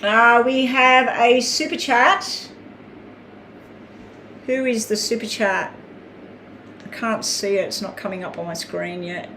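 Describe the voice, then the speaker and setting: A woman's voice: a little high, steady tone, slow pace, long pauses, pushed and bright. An Australian woman giving tarot readings on a live stream, chatting casually, reading out viewer names and talking while she eats. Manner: chatty, reads out names, talks while eating. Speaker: tarot reader. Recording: echoey room with faint ambient noise.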